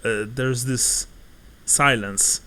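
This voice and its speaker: A man narrating a tabletop game as game master, halting and full of restarts. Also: medium pitch, fairly even intonation, bright, forceful tone, clean tone. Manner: halting, laughs often, many restarts.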